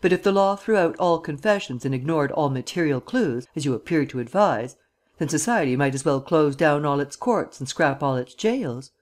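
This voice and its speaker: A male audiobook reader voicing a sarcastic, irritable district attorney with a gruff, scornful delivery. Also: fairly high pitch, expressive, moderate pace, natural voice. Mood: scornful, exasperated. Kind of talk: audiobook character reading.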